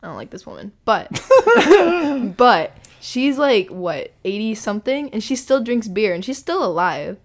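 A woman guesting on a podcast, joking playfully and swearing casually in relaxed chat. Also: medium pitch, normal speed.

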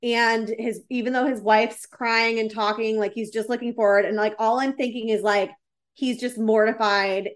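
A woman chatting casually, telling a story in an animated way with lots of filler words. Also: a little high, moderate pace. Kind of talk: casual chat.

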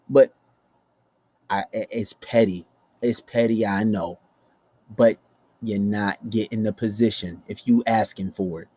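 A man hosts a blunt relationship-advice rant, his voice on the low side, mellow, slightly rough, with no echo. He talks aggressively and swears constantly.

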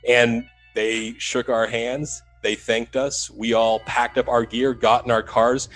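A man who works as a paranormal investigator, telling the story of a haunting in an animated, building way in an interview. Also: mid-range voice, slow pace, soft background music, low-quality recording. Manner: animated retelling, rising to loud urgency.

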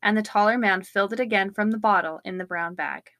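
A woman co-hosting a podcast, reading a true-crime book excerpt aloud in a steady, measured way on a close studio mic. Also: medium pitch, no room sound. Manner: steady, measured storytelling read. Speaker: podcast co-host.

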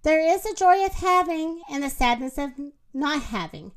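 A woman's voice: high-pitched, expressive, normal speed. Woman reading as Moo, a thoughtful cow. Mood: wistful. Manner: gentle storybook reading. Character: thoughtful, bossy female cow.

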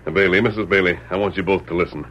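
An actor playing a calm, commanding masked hero, speaking firmly and reassuringly. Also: male voice, low voice, racing. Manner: firm, reassuring. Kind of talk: 1940s radio drama acting. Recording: dull old radio recording with faint hiss.

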